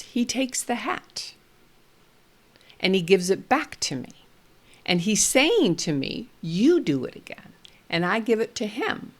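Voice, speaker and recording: A middle-aged woman hosts as a speech therapist, telling parents a story to teach them. She is playful and expressive, and drops to a hush to stress points. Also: mid-range voice. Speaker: speech-language therapist and host.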